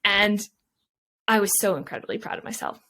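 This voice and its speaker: A woman's voice: mid-range voice, brisk, bright, forceful tone. A young adult woman, an Olympic athlete, telling an emotional, reflective story in an interview, full of fillers. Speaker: Olympian guest.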